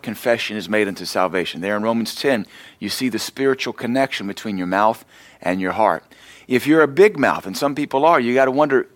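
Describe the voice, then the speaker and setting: A man pastor with a medium-pitched voice, recorded dry, teaches a sermon in a conversational style. He weaves scripture together with personal stories that poke fun at himself.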